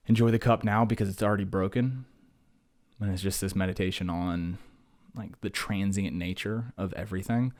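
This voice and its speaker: Low-voiced man ranting casually on his podcast. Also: darkish tone. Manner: rambling, jokey, self-talking rants. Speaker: podcast host. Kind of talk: casual solo podcast monologue.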